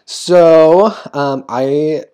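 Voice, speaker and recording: Young adult podcast host, giggly, rambling, filler-heavy, casual chat, mid pitch. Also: very slow, warm tone, clean tone. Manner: giggly, rambling, lots of ums.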